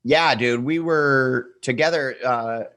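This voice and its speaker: A man's voice: mid-range voice, takes it slowly, a bit bright, no echo. A man in his thirties, a podcast guest, telling a wild story in a casual, profane way and acting out the people he quotes.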